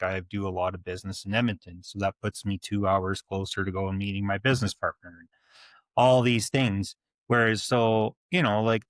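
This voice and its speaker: A man in his forties chats on a podcast with a low voice. He talks candidly and rambles, swearing freely. The sound is dry and close. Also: no room sound. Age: 40s. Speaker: podcast co-host. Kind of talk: casual chat.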